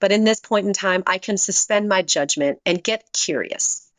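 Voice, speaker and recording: Middle-aged woman as a podcast guest: earnest, lively storyteller, close and dry sound. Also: normal speed, no echo. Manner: earnest, shifts pitch to voice quoted people. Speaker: guest, business leader and author. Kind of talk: personal storytelling in a podcast interview.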